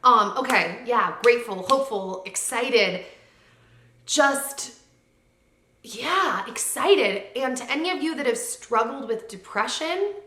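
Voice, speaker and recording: A young woman chats straight to her camera at home, her voice bright and clear. She talks in a heartfelt, rambling way, full of likes and ums. The room has hard floors and gives her voice a noticeable echo. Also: a little high, lively intonation, slow pace. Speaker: lifestyle vlogger. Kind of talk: casual chat to camera. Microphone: camera mic.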